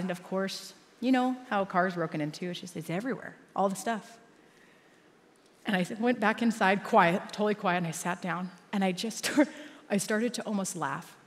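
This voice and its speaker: A woman giving a sermon in a church, telling a personal story and laughing often. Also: medium pitch. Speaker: church speaker. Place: church auditorium. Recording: long reverb of a large hall.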